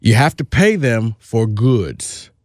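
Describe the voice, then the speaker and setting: A man's voice: mid-range voice, expressive, slow, a little mellow, dry recording, clean studio sound. A man co-hosting a sports podcast, talking in a casual, emphatic and opinionated way, often restarting his phrases.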